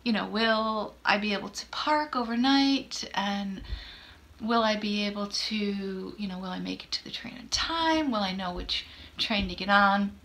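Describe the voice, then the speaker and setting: A woman in her fifties with a bright, crisp voice tells a personal story for her podcast. She talks in a chatty, self-deprecating way and acts out the lines of the people in it. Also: medium pitch, measured pace. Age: 50s. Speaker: podcast host. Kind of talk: casual storytelling chat.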